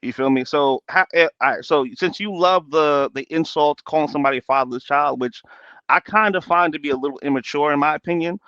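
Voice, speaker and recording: A man's voice: fairly high pitch, brisk, pushed and bright, no room sound. Defensive man on dull call audio. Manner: defensive, repeats himself, stammers. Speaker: debate guest. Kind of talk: heated live-stream debate.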